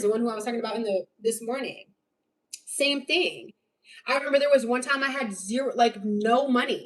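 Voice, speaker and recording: A young woman on a live stream, talking candidly and at length, earnest and rambling. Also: on the high side. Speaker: livestream host. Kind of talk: candid personal livestream talk. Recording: voice a little far from the mic.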